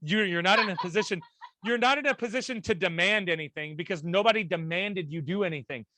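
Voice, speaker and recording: A man with a high, bright voice talks loosely on a podcast. He is animated and blunt, swearing often and laughing. The sound is close and dry. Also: fast, dry recording. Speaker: podcast co-host. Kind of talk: casual chat.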